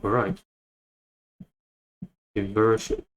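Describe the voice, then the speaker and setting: A man teaching English vocabulary, repeating each word and phrase slowly as he explains. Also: on the low side, animated, poor audio. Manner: repeats words many times, thinking aloud. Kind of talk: slow, repetitive vocabulary lesson.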